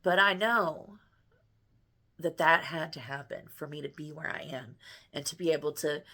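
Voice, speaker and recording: Speaking from home, a middle-aged woman who works as a spiritual vlogger and healer shares a personal story. Her low, sharp voice holds a moderate pace, and she rambles earnestly, restarting often.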